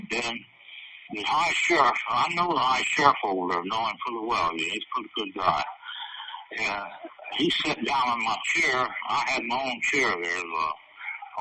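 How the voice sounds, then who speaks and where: A man tells a long story in an interview, rambling and cursing freely as he chuckles at his own story. His voice sits at an ordinary middle pitch. It sounds far from the mic over a steady noisy background. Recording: distant, noisy recording.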